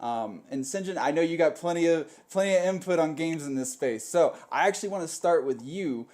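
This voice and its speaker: A man's voice: a little high, expressive, brisk, a little mellow. A man hosting a panel web show with upbeat show-host patter.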